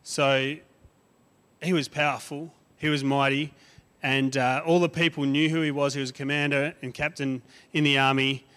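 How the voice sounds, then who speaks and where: A man preaching a sermon as a guest speaker in a conversational way, his voice rising and growing loud on emphatic lists and dropping quiet on asides. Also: medium pitch, little pitch movement, normal speed, clean tone.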